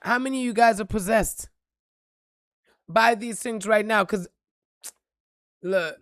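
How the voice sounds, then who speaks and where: A woman giving an impassioned, profane motivational talk on a live stream, repeating lines and building to shouts. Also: medium pitch, measured pace, dry recording, clean studio sound. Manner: preachy, profane, rising to shouts.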